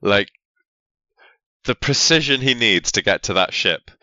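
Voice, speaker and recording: A laid-back man with a very low voice chats sardonically as a podcast co-host, swearing freely. His tone is bright and smooth. It comes through a dull, dry lo-fi mic. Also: lively intonation, unhurried, no echo. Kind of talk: casual film-review chat.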